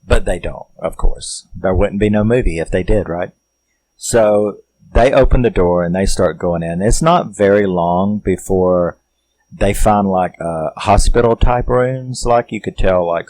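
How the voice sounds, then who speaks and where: A man's voice: low-pitched, measured pace, a little mellow, low-quality recording. A man casually recapping a horror movie, rambling and swearing as he tells the story. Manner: rambling, profane, laid-back storytelling. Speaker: film reviewer.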